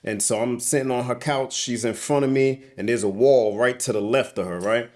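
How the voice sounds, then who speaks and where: A man's voice: medium pitch, moderate pace, a little mellow. Young male interview guest, heated and profane, storytelling with lots of "bro". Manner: agitated, profane, repeats "bro". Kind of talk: emotional storytelling. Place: indoors on a couch.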